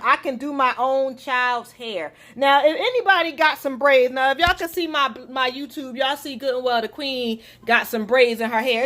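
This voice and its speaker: Casting: young woman podcast host, high voice, fired-up and chatty, cooking as she talks. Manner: animated and indignant, talks to listeners directly. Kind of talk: casual podcast monologue. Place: home kitchen while cooking.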